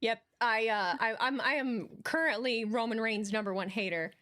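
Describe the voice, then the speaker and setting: A woman co-hosting a podcast in casual conversation, with a fairly high voice. She talks emphatically, building into rants and swearing for effect. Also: moderate pace, pushed and bright. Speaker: podcast co-host. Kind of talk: casual chat.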